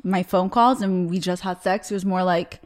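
A woman's voice: on the low side, fairly even intonation, moderate pace. A woman in her thirties hosting a podcast, telling personal stories openly and emotionally in casual chat. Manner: emotional, open storytelling.

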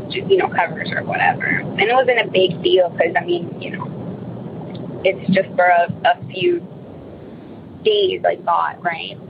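A woman's voice: medium pitch, lo-fi sound, a little hiss or hum. A woman telling a personal ghost story in a casual, rambling way, full of fillers and restarts.

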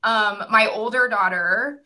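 A woman's voice: medium pitch, takes it slowly, sharp tone, poor audio. A woman in her thirties, a guest on a podcast, chatting candidly, laughing often and swearing freely. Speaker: guest author. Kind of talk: casual interview chat.

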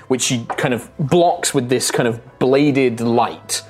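A man's voice: mid-range voice, slow, breathy edge. A man narrating a tabletop game as game master, describing the action with many hedges. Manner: descriptive, hedging with "kind of".

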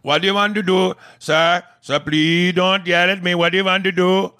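A man's voice: level tone, moderate pace, pushed and bright, clear, resonant tone. A man putting on a pleading call-center agent. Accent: Indian, put on. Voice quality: high, pleading, insistent. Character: harried male customer-service agent with Indian accent.

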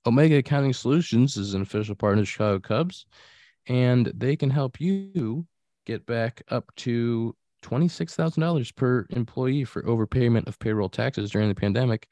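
A man's voice: fairly low pitch, a little mellow, dry recording. A man hosting a podcast, reading a sponsor ad and chatting casually with an upbeat, breezy delivery. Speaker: podcast host. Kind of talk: read sponsor ad and casual chat.

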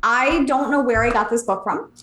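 A woman's voice: fairly high pitch, moderate pace. Roomy-sounding woman podcast co-host. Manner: relaxed, hesitant, many "um"s. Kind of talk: casual chat about books.

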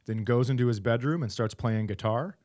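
A man's voice: mid-range voice, brisk, darkish tone. A man co-hosting a comedy podcast, riffing playfully and spinning absurd tangents. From Minnesota, United States. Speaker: podcast co-host. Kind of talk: casual comedic chat.

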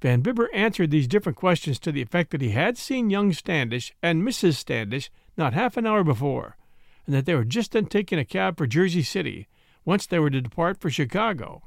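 Expressive male storybook narrator. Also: on the high side, a little fast, gravelly, no room sound, studio quality. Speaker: audiobook reader. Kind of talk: scripted narration.

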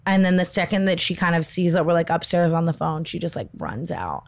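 A woman on a podcast tells a story in a loose, chatty way, full of "like" and quick acted-out quotes. Her voice sits a little low. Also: gravelly. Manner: animated retelling, acts out quoted voices, many "like" fillers. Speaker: podcast co-host. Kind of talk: casual storytelling chat.

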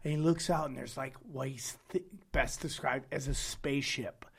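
A man's voice: medium pitch, fairly even intonation, moderate pace, creaky, slightly rough. A man co-hosting a casual chat, telling a rambling, profane story with lots of energy.

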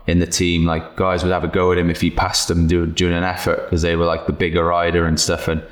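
A man's voice: low-pitched, monotone, quick pace, roomy sound. A man hosting a podcast, chatting casually, joking, swearing freely and telling anecdotes. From Wales. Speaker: podcast host.

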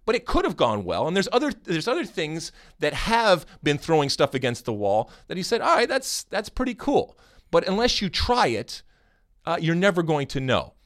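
An American man hosting a podcast in casual chat, animated and teasing, often restarting his sentences. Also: a little high, normal speed. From United States. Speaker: podcast host.

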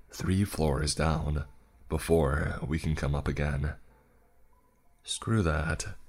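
A man narrating a first-person story in a wry, exasperated way. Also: a bass voice.

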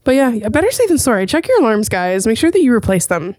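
Woman host just chatting away, swears a lot, tells stories all animated, super dry close sound. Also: a little high, quick pace, no echo. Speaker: podcast host. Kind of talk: casual chat.

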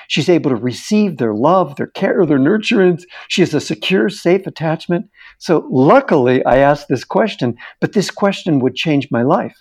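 A man's voice: on the high side, lively intonation, normal speed, hardly any pauses, darkish tone, breathy edge. A middle-aged man, a therapist and interview guest, animatedly telling a case story and acting out the dialogue.

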